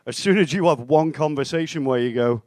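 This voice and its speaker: A young man performing a stand-up set in a comedy club, with a deadpan, self-mocking delivery and acted-out bits of dialogue. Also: a little high, brisk, dry recording. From England (Stoke-on-Trent).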